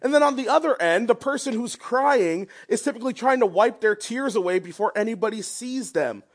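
A man's voice: extremely high pitch, expressive, fairly quick. A young man preaching a sermon in an earnest, conversational way, with a prayer and casual asides to the people around him.

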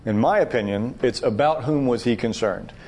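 A man leading a Bible study, teaching in a loose, discussion-style way. He talks emphatically and restarts phrases as he works through an idea. His voice sits in a middle pitch. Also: moderate pace, darkish tone. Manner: emphatic, thinks aloud with restarts.

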